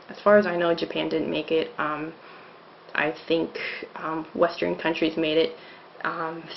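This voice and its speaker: A woman's voice: on the low side, creaky, slight background noise. A woman giving a casual video lesson, explaining with many ums and restarts, recorded as a dull lo-fi home video. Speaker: language teacher.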